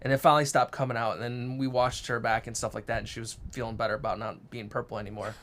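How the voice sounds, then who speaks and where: A man co-hosting a casual live show, telling a family story in a brisk, animated way. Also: medium pitch, a little hiss or hum. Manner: storytelling, acts out quotes, brisk. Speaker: co-host. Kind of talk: casual live-stream chat.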